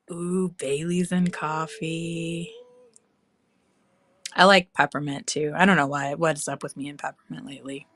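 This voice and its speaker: A woman's voice: fairly low pitch, fairly bright tone, no room sound. A woman chatting casually on a live craft stream, cooing and squealing with delight as she works. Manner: bubbly, coos and squeals over her craft.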